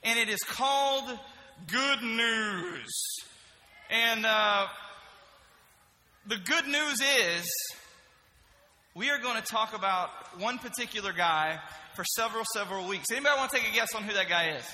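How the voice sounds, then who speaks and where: Bright, energetic young man preaching to youth. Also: high voice, a little slow, pauses often, long reverb tail, a little hiss or hum, low-quality recording. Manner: energetic and joking, asks the crowd questions. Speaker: middle school pastor. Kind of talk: youth group sermon. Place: church youth room.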